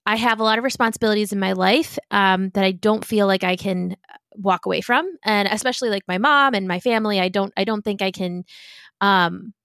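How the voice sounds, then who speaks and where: A woman playing a tabletop game, thinking aloud with pauses and restarts. The sound is dry and close. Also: mid-range voice, a bit bright, no echo. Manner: thoughtful, hesitant. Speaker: player.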